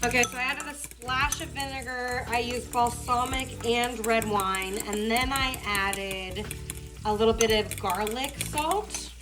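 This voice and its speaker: A woman's voice: fairly high pitch, a little slow. Young woman, casual vlog chat, profane, emotional, home kitchen, faint music behind. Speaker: vlogger.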